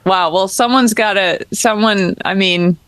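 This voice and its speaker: A woman co-hosting a sports podcast, animated and self-mocking. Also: mid-range voice, unhurried, dry recording. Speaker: podcast co-host. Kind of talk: casual sports chat.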